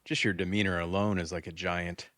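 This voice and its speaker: A middle-aged man with a Chicago accent, co-hosting a podcast in casual chat, cracking deadpan jokes. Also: low-pitched, fairly quick. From Chicago area. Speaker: podcast co-host.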